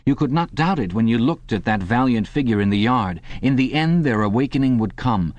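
A man reading an audiobook in a measured, dramatic scripted narration, close to the mic. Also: mid-range voice, animated, a little mellow, no room sound.

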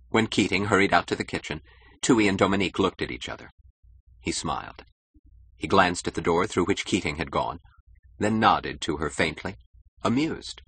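A man narrating an audiobook in a very low voice with a husky grain. He reads in a measured, expressive way, his pitch moving widely. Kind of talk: scripted narration.

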